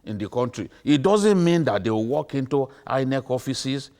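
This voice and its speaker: A man's voice: mid-range voice, animated, moderate pace, mellow. A middle-aged man with a Nigerian accent, arguing emphatically and repeating his points on a TV studio panel. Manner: emphatic, repetitive, lecturing.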